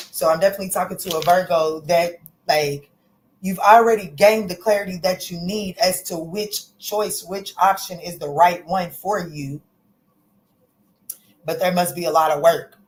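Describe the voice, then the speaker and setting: A woman's voice: on the low side, steady tone, moderate pace, slight background noise, rough recording. A woman giving a casual tarot reading to camera, chatty and folksy, calling listeners baby and honey and cursing freely. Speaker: tarot reader.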